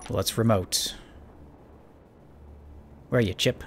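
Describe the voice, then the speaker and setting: A man's voice: fairly low pitch, fairly even intonation, normal speed, long pauses, slight background noise. A man giving casual, rambling let's-play commentary while playing a space building game, joking at his own expense. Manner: chatty, rambling, self-mocking. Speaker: gaming channel host.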